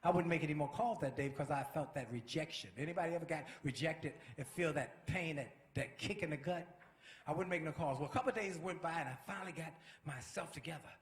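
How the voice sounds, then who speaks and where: A man giving a motivational speech with an energetic, preacher-like delivery that builds to shouts. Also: a little high, quick pace, echoey room. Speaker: motivational speaker. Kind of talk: inspirational speech.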